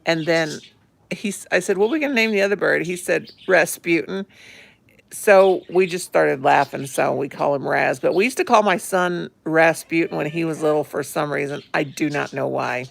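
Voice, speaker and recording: A woman's voice: low-pitched, moderate pace, creaky, slight background noise. A woman chatting casually and affectionately on a phone live stream from home, greeting viewers and her pets. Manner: chatty, affectionate, fond of pet talk. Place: home, indoors.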